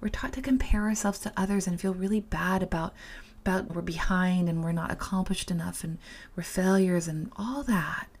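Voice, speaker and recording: A woman's voice: fairly low pitch, moderate pace, a little mellow, breathy edge. A middle-aged woman hosting a solo podcast, giving blunt, emphatic motivational talk with casual swearing and a lot of repetition. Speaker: podcast host and life coach.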